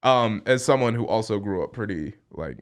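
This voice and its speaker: A man's voice: lowish voice, moderate pace. A man who fights, chatting casually on a podcast and telling stories with frequent laughter. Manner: laughs often, animated storytelling.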